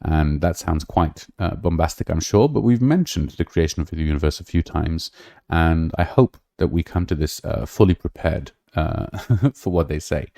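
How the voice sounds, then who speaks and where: A man's voice: rumbling low, animated, normal speed, gravelly, mellow, dry recording, clean studio sound. A man hosting a podcast, talking casually and rambling with many fillers and restarts. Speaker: podcast host. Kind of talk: casual livestream talk.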